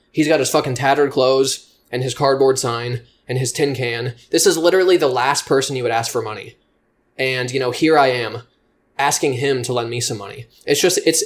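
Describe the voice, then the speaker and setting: A man breaks down how jokes work in a casual, rambling manner, cursing constantly and happily mocking himself. His voice sits at an everyday middle pitch. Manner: profane, swears freely; loose and rambling, self-deprecating. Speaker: comedy writing teacher. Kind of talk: casual spoken explanation.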